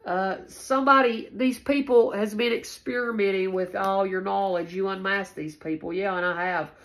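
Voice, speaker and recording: A woman gives a casual tarot reading aloud, rambling, repeating herself, and swearing often. Her voice is medium-pitched with fairly even intonation, her pace is moderate, and the recording is rough.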